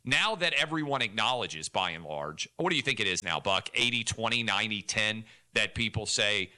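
A man's voice: on the low side, expressive, normal speed, hardly any pauses, pushed and bright. A man co-hosting a talk radio show who argues his points with indignation. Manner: indignant, argumentative. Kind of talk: opinionated talk radio commentary.

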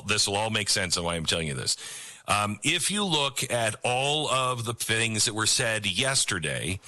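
A middle-aged male talk host with a sharp, very bright voice whose pitch leaps up and down. He delivers an opinionated monologue in a mocking way, laughing often and hammering points home by repeating himself. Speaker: political talk show host.

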